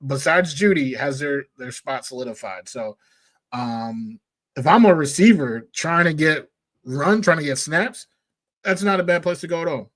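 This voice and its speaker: Male sports-talk co-host, slightly high voice, relaxed, easy laugh, lots of fillers. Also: normal speed. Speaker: podcast co-host.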